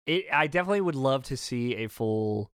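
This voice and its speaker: A man's voice: medium pitch, animated, a little fast, fairly bright tone, clean tone, no echo, studio quality. A man reviewing a video game in a casual discussion, talking eagerly and rambling with lots of fillers. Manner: enthusiastic, rambling with many fillers.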